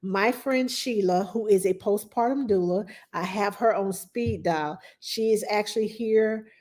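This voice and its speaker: A woman's voice: medium pitch, a little slow, a little mellow. A middle-aged woman, a nanny chatting casually to her live-stream viewers, rambling with many fillers.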